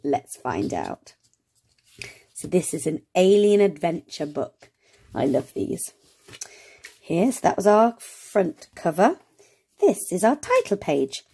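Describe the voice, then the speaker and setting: Slow, encouraging woman reading to children. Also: lowish voice, creaky, warm tone. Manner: slow, encouraging, sounds out words letter by letter. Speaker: early reading teacher. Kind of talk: reading a phonics picture book aloud to children.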